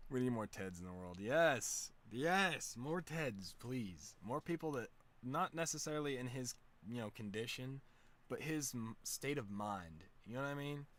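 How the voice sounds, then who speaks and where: A man's voice: mid-range voice, lively intonation, takes it slowly, a bit bright. A man streaming from home, telling stories in a loose, profane, laid-back way. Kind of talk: casual storytelling chat.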